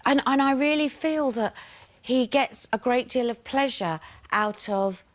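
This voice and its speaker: Animated woman, fairly high voice. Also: a little slow. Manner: animated storytelling, mimics other people. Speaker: reality show contestant. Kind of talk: casual chat.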